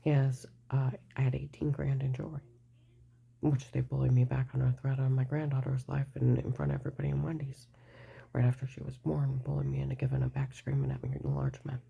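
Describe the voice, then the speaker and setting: A woman's voice: a bass voice, a little fast, vocal fry, mellow, breathy edge. An older woman giving a rambling, agitated personal account, mostly in a whisper. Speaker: vlogger telling her story.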